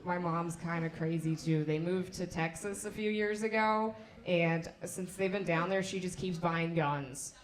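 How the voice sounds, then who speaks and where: A young woman from the United States doing a stand-up set, telling stories in an animated, self-mocking way. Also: lowish voice, a little slow, few pauses, echoey room. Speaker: stand-up comedian.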